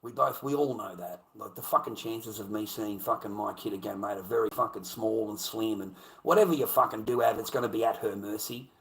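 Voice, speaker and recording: A man's voice: fairly low pitch, brisk, hardly any pauses, a bit bright, rough recording. A middle-aged Australian man talking on his livestream, swearing a lot and rambling with many repeats. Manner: profane, rambling, repeats himself. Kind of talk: casual livestream rant.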